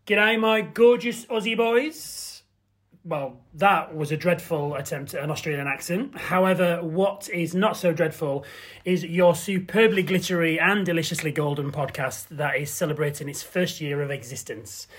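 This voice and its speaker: A man with a fairly high, husky voice leaves a voice message for a podcast. He is flamboyant and effusive, piling on extravagant compliments. He mocks himself with good humor. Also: fairly even intonation, moderate pace. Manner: flamboyant, effusive, self-mocking. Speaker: listener sending a voice note. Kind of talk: recorded voice message.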